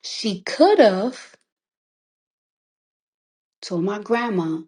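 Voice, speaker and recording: A woman's voice: mid-range voice, very animated, drawn-out words, a little mellow. A woman recording artist talking through tears on a phone livestream, emphatic and defiant, swearing freely and repeating lines to drive them home. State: tearful. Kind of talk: emotional livestream monologue.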